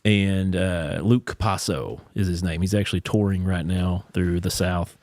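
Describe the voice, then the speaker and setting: Man, podcast host, casual storytelling, lowish voice, dry sound. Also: moderate pace, dry recording. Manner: animated storyteller, jumps into impressions of others. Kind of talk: casual chat.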